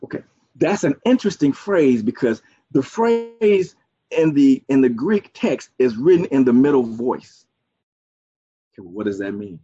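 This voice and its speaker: A man's voice: medium pitch, sing-song, a little slow, warm tone, slightly rough, no room sound. A man preaching a sermon, using folksy asides and a string of "okay"s. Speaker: pastor. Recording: dull, dry, muffled sound.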